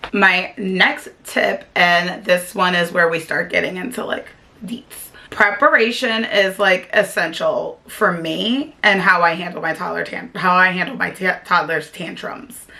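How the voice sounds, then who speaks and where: A woman's voice: fairly low pitch, bright, forceful tone. A young woman vlogging as a stay-at-home mom, talking in a chatty, earnest way and saying "like" often. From South Jersey, USA. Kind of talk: casual talk to camera.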